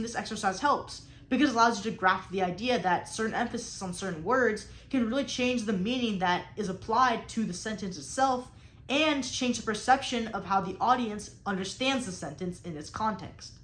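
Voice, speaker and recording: A woman's voice: mid-range voice, a bit bright, reverberant. A young woman explaining public speaking drills in an instructional video, in an encouraging, explanatory way. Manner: explanatory, encouraging, repeats and restarts phrases.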